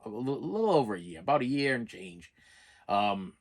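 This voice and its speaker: A man's voice: fairly low pitch, sing-song, a little fast. A middle-aged man telling a personal story to his channel, plain-spoken and emphatic, rambling, repeating phrases and restarting his sentences. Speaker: channel host.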